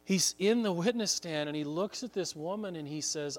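A man's voice: on the high side, normal speed. A man preaching a sermon, telling a story earnestly and building to emphatic points. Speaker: pastor.

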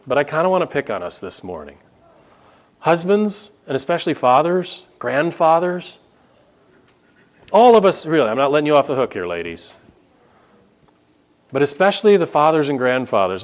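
A male pastor preaching a sermon, emphatic and repeating key phrases for stress. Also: mid-range voice.

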